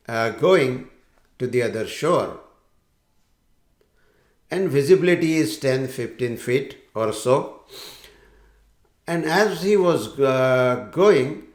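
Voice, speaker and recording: A man giving a talk on forgiveness, telling a parable in a slow, deliberate storytelling manner. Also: mid-range voice. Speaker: speaker on forgiveness. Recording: roomy echo.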